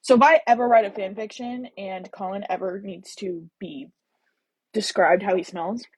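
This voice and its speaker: A woman's voice: mid-range voice, fairly even intonation, moderate pace, a little hiss or hum, rough recording. A woman hosting a book-reading livestream, chatting casually and bubbly with viewers, full of jokey asides. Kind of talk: casual live chat with viewers.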